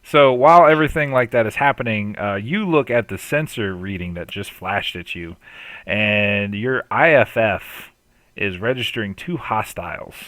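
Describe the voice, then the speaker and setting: A man with a low, very animated voice runs a tabletop game as game master. He explains the rules at length and breaks into laughter often. The sound is dry and close. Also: moderate pace, dry recording. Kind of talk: running a tabletop game over voice chat.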